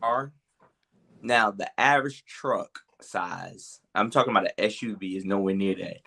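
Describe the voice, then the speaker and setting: Low, bright-voiced man chatting. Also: moderate pace, creaky. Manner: laid-back, loose and rambling, with fillers. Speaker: podcast co-host. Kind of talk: casual storytelling chat.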